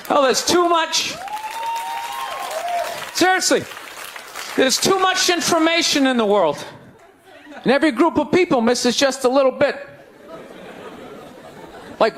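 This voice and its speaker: A male stand-up comedian on a club stage, ranting loudly and incredulously into a handheld mic. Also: very high-pitched, lively intonation, measured pace, long pauses, a faint crowd, slight background noise.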